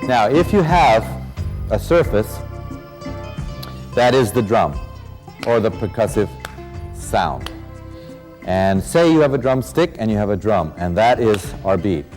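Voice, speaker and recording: Lively-voiced male dance instructor counting beats. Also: fairly low pitch. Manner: counting beats aloud, explanatory. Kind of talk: instructional video teaching. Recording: reverberant hall with music playing.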